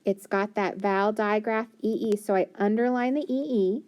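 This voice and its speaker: A woman leads a phonics lesson, sounding out each letter slowly and clearly. Her voice is mellow and warm, with frequent encouraging praise. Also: mid-range voice, steady tone. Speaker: teacher.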